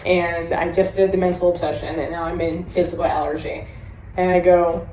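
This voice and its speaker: A woman hosts a candid recovery podcast, telling her stories in a blunt, animated way and swearing often. Her voice sits a little low. The room is echoey, with a faint hiss underneath. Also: normal speed. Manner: blunt, profane and animated storytelling. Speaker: podcast host. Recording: roomy echo with faint hiss.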